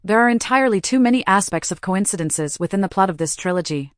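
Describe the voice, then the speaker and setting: A woman's voice: mid-range voice, expressive, fast, no echo. A woman giving an opinionated, dry commentary in a movie review.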